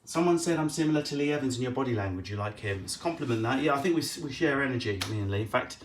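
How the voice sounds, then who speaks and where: A male comedian chatting on a live stream, firing back answers to viewer questions. He talks in a quick, profane, jokey way, riffing off each question. The delivery stays loose and casual throughout. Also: medium pitch, expressive, slight background noise.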